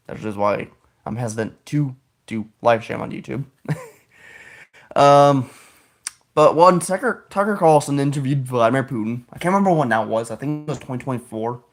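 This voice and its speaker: A male podcast host delivers a loose, opinionated monologue at a mid-range pitch. He rambles from point to point, often restarting sentences and correcting himself as he goes. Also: moderate pace. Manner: opinionated, politically outspoken.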